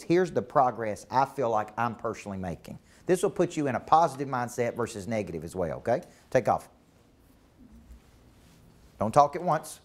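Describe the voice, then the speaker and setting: Man coaching a room. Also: mid-range voice. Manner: asks the room questions, repeats for emphasis. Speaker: business coach. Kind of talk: live motivational talk to a team. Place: meeting room with a live audience.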